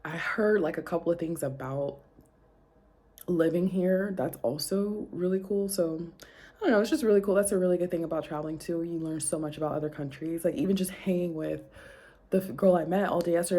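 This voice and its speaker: A young woman talks to the camera in an easygoing travel vlog, her voice low, dark and mellow. She rambles, laughs often and corrects herself as she goes. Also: steady tone, a little fast. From New Orleans, USA. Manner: chatty and rambling, with frequent laughs and self-corrections. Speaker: flight attendant vlogger.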